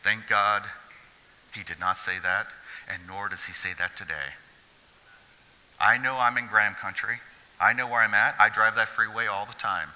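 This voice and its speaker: A man preaching a sermon as pastor, swinging from hushed asides to loud, excited preaching. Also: on the low side, normal speed, long pauses. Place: church hall. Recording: long hall reverb.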